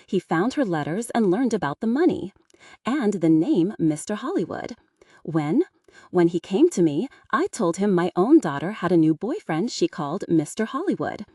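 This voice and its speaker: A woman voicing a stern, wealthy middle-aged father in a scripted audiobook reading, in a lowered, firm voice. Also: mellow, dry recording, studio quality, distant mic.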